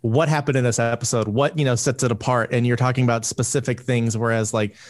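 A man as a guest on a casual podcast, animated and slipping into mimicked voices. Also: medium pitch, fast.

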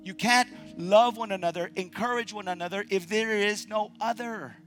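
A man pastor preaching a sermon to his church. He stresses key words by repeating them and moves between quiet, slow lines and loud, raised passages. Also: high voice, soft background music. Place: church sanctuary.

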